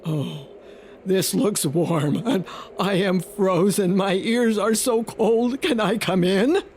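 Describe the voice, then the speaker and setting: A woman voicing a big, cold male wolf who pleads in a low, slow, heavy way. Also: a little mellow, slight background noise, lightly acted. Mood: pleading.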